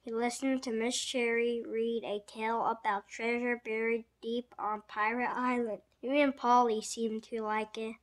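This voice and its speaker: A woman reading a children's picture book aloud, slow and expressive, giving the characters little voices. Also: on the high side. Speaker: storybook reader.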